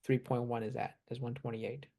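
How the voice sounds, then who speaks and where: A man in casual chat, relaxed, explaining technical points with examples and small laughs. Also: medium pitch, fairly quick. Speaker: AI expert guest.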